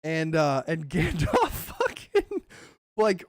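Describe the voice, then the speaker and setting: A man hosting a casual podcast chat, animated and swearing, acting out movie lines as he goes. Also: a little high, slow, dry recording, studio quality. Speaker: podcast host.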